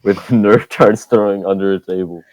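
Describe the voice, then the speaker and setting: Deep-voiced young guy telling stories. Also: steady tone, normal speed, a little mellow, no room sound. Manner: laughing storyteller, confessional. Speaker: podcast co-host. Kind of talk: casual chat with friends. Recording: dull lo-fi dry sound.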